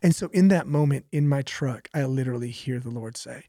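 A man's voice: mid-range voice, quick pace, hardly any pauses, mellow, no echo, studio quality. A young man, a pastor, talking casually about faith, telling stories animatedly with laughs and repetition.

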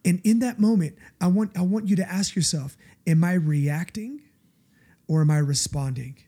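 Male pastor, conversational sermon; warm, mellow tone, emphatic and confessional. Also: high-pitched, normal speed, husky. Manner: earnest, confessional, emphatic, often asks listeners "right?".

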